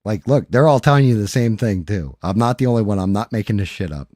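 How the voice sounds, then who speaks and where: Low-voiced man rambling on a live stream. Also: expressive, fast talker, darkish tone. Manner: rambling, profane, talks straight to viewers. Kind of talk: casual live-stream chat. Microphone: studio microphone.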